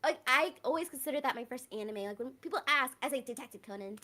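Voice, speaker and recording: A woman talking as a guest on a casual podcast, an enthusiastic storyteller who stammers when excited. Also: high voice, quick pace, slight background noise. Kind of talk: casual chat.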